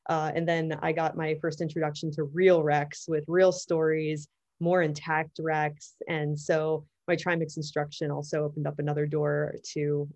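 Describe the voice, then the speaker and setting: A woman's voice: low-pitched, flat delivery, normal speed, darkish tone. A woman in her thirties, a diver talking enthusiastically in a casual interview, with fillers and restarts. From Florida, USA. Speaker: guest, underwater cameraman and technical diver.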